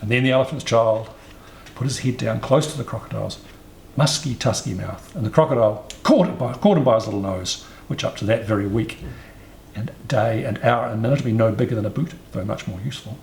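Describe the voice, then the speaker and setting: A man reads a storybook aloud in an expressive, sing-song way. His voice is mid-pitched with a creaky grain, and it rings in a roomy space with faint ambience behind. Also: a little fast, slight background noise.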